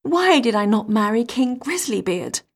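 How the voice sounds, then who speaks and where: Proud young princess as a woman reads her, scornful, lamenting, lively storybook voice. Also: on the high side, moderate pace, pitched above the performer's own voice. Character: proud, mocking young princess, later complaining.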